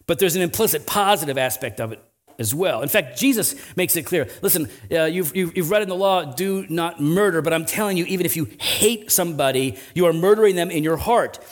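A man's voice: fairly high pitch, fairly quick. A male pastor preaching a conversational sermon, often tossing in "right?" asides and building to emphatic swells.

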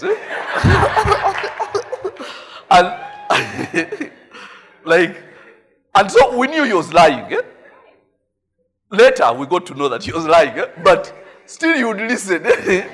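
A man's voice: high-pitched, a bit bright, slightly rough. A middle-aged Ugandan pastor preaching a sermon in a chatty way, laughing often and tagging his sentences with "eh?". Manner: chatty and laughing, frequent tag "eh?".

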